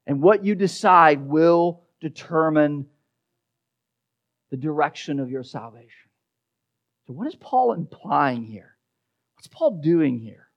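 Emphatic high-voiced male preacher. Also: expressive, slow, long pauses. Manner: emphatic, repeats words when stressing a point, drops to a quiet low voice for key verses. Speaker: pastor. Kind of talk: expository sermon.

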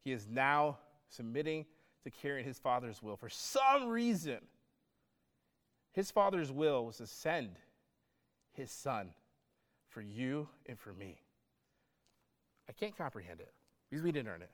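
A man's voice: medium pitch, big pitch swings, unhurried, long pauses. A man preaching a sermon, earnest and conversational, building to emphatic points. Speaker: pastor.

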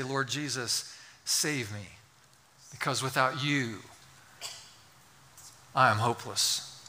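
A man's voice: medium pitch, sharp tone. A man, a pastor, preaching a sermon to his congregation, telling a story and building to fervent pleas. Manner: storytelling, rising to fervent pleading. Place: church sanctuary.

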